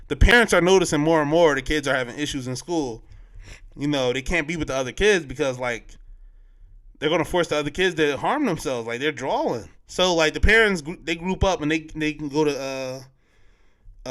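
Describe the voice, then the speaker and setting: A man's voice: fairly high pitch, animated, moderate pace, a bit bright. A man hosting a podcast, recapping a film in loose, slangy casual chat, full of fillers and restarts. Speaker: podcast host.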